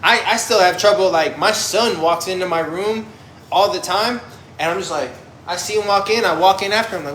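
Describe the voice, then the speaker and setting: A young formerly incarcerated panelist talks openly and bluntly about life after prison, swearing frequently and mimicking his old reactions. His voice sits high and sounds fairly bright, his pace is brisk, and the roomy recording has slight background noise.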